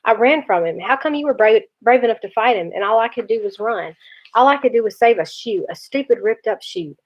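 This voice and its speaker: A woman's voice: medium pitch, brisk, natural voice. A woman reading aloud, voicing a tearful young boy who is ashamed and pleading. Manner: weepy, pleading. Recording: dull lo-fi recording.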